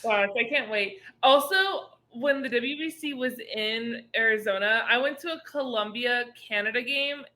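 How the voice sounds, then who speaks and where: A woman guest on a podcast, an excitable fan who giggles as she talks. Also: on the high side, normal speed, hardly any pauses. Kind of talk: casual chat.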